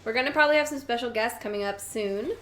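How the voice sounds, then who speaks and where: A young woman co-hosting a podcast in casual chat, wry and joking with quick asides. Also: on the high side, a bit bright. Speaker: podcast co-host. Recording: faint background noise.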